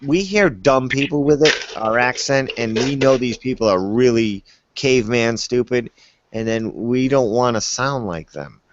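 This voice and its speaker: A man's voice: mid-range voice, measured pace, dull audio, slight background noise. A man from New England with a New England accent, making wry joking asides in a casual chat on a group call. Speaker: panelist.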